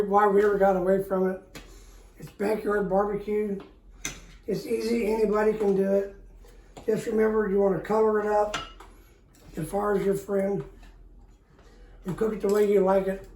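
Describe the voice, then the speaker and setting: A woman's voice: mid-range voice, little pitch movement, moderate pace, long pauses, a little mellow. A middle-aged woman hosting a backyard barbecue cooking video, with a folksy, chatty manner and a habit of repeating her words. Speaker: backyard barbecue cook and host. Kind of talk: casual cooking demonstration. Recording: roomy, distant camera mic, faint background noise.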